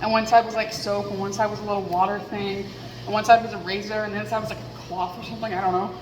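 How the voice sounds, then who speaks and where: A woman's voice: medium pitch, little pitch movement, fast talker, reverberant, long reverb tail, heavy background noise. A woman vlogging into a headset mic, rambling candidly and poking fun at herself as she thinks aloud. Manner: chatty, self-deprecating, thinks aloud.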